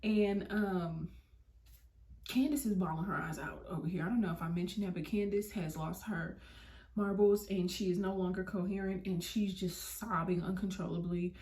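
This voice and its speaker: Animated young woman telling a storytime. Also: fairly low pitch, moderate pace. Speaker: vlogger. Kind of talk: storytime vlog. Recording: roomy, mic at a distance.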